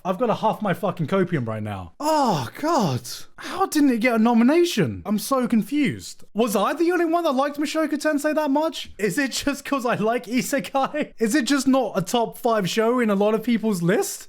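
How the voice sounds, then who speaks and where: A man streaming live, reacting to anime award nominations in an emphatic, swearing, animated commentary. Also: sits high, normal speed, hardly any pauses.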